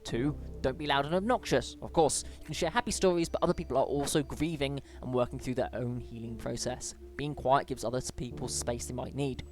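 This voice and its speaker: A British gamer casually commenting on a game and reading on-screen emails aloud, with chatty asides, small stumbles and sudden lifts in pitch. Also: brisk, few pauses, a little mellow, faint music behind. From Britain. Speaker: let's play gamer.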